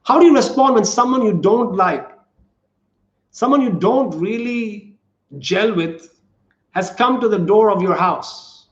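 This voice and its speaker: A male pastor with a high voice preaches a little slowly, earnest and repetitive, and asks his congregation questions. He's in a church sanctuary, and the audio carries the room's echo with a dull, lo-fi quality.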